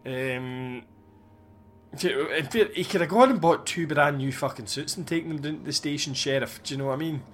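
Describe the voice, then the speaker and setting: A man's voice: fairly high pitch, normal speed, fairly bright tone. A man, casually recapping a film with wry, sweary asides. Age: 40s. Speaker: podcast host. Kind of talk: casual chat.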